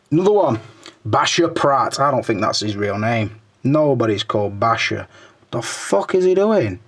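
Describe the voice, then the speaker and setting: A middle-aged man chats casually through viewer comments on his channel. His voice sits at an ordinary middle pitch, and he fills the talk with crude jokes and swearing. Between comments he drops into low mutters as he scrolls. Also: husky. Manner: crude, joking banter full of swearing, muttering under his breath while scrolling. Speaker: toy reviewer and channel host.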